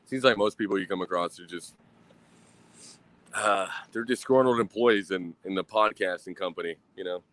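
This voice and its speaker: A man's voice: low voice, normal speed, fairly bright tone, rough recording. Profane, rambling man streaming outdoors. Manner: profane, rambling, self-mocking. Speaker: livestream host. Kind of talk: casual rambling livestream. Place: outdoors at a grill.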